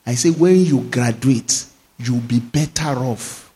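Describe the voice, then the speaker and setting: A man, a pastor preaching a sermon and drawing out scripture lines slowly for emphasis. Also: medium pitch, dark tone.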